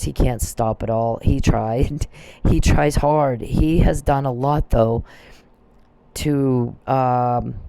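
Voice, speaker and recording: A vlogger with a medium-pitched, creaky, dark voice launches into an angry, profane rant, addressing the people he blames directly. He often repeats and restarts phrases, and the recording is dry.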